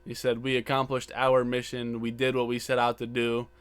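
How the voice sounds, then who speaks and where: With a completely flat delivery, a man co-hosting a podcast recounts wrestling moments in casual chat, acting out lines, cursing, and repeating himself. His voice is medium in pitch and clean in tone, at normal speed. Background buzz runs underneath.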